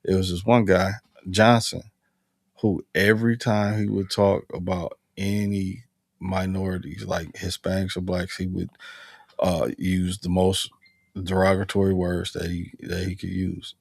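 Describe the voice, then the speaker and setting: A man hosting a casual conversation, telling a story with lively, acted-out quotes. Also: deep voice, unhurried, gravelly, dry recording. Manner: animated storyteller acting out both sides of quoted exchanges. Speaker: host.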